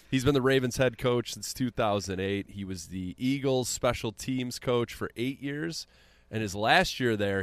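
A man's voice: on the low side, no echo. A tipsy man with a Central Illinois accent, hosting a casual sports chat, joking loosely as he reads off game stats. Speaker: podcast host.

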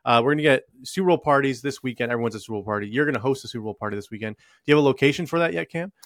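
Fast-talking male podcast co-host. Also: mid-range voice, dry recording, studio quality. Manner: brisk, swears casually. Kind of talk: casual sports betting chat.

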